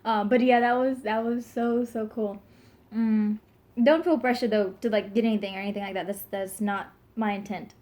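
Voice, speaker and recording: Young woman, pregnant, casual vlog talk, lots of ums, giggles, middle-pitched voice. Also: steady tone, normal speed, a little mellow. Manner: rambling, filler-heavy, giggly. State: pregnant, burping now and then. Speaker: vlogger. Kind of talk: casual chat to camera.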